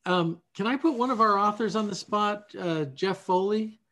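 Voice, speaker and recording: A man with a somewhat higher voice moderates a call. He asks his guests curious questions in an easy, conversational way. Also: normal speed, pushed and bright. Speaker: host. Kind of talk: moderating a video call discussion.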